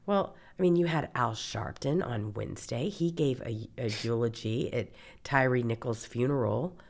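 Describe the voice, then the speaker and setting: A woman from Mississippi hosts a casual political talk show, sounding indignant and exasperated as she reads out quotes. Her voice sits notably low for a woman. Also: normal speed, a little mellow. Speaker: host.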